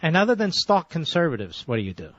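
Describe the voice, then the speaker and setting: A radio talk show host lectures a caller insistently, cutting him off to press his point in a combative call-in debate. His voice runs on the high side with a sing-song lilt and a quick pace. The audio is dull, dry, lo-fi radio sound.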